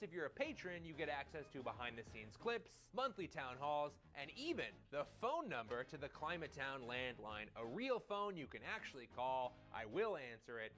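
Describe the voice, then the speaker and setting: A man's voice: a little high, sing-song, normal speed, hardly any pauses, fairly bright tone, faint music behind. A man hosting a video essay, delivering scripted narration in a sarcastic, jokey, theatrical way.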